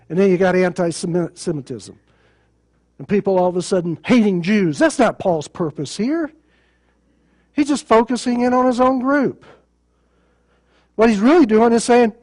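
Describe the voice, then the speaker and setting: A man's voice: high voice, darkish tone. A male pastor preaching a sermon in a plain conversational way, with sarcasm and rhetorical questions.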